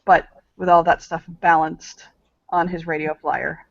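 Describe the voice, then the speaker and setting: Halting joking man at a game table. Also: fairly high pitch, level tone, gravelly, dry recording, muffled recording. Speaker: player.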